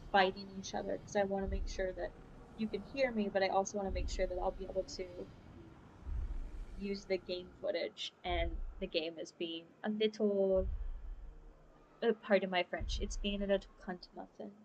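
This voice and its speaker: A woman's voice: medium pitch, level tone, normal speed, dull audio, a little hiss or hum. A woman hosting a casual let's play, chatting and rambling about the game with easy laughs. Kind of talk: casual gaming commentary. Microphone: voice-over over game footage.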